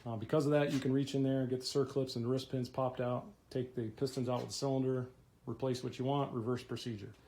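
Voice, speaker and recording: A man's voice: mid-range voice, little pitch movement, fast, dark tone. A man walking viewers through an engine repair step by step in a plain, practical way. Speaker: mechanic. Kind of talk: how-to repair walkthrough.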